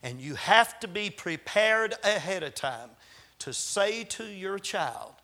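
A visiting male preacher delivers his sermon in a high, bright, ringing voice. He swings between loud, insistent appeals and soft, hushed asides. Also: expressive, takes it slowly. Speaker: traveling preacher.

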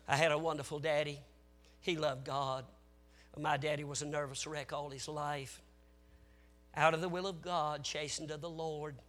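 Man preaching, kinda high pushy voice, goes from shouting to real quiet, chatty asides to the church. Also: little pitch movement, moderate pace, faint music behind. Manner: emotional storytelling, swinging from shouted exhortation to hushed tones; folksy, conversational asides to the congregation. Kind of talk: sermon.

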